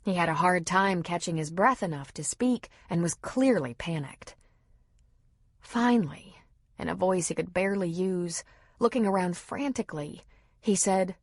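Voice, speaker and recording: A woman narrating an audiobook in a steady, dramatic manner, read close to a studio mic. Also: lowish voice, moderate pace, dry recording. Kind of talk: scripted narration.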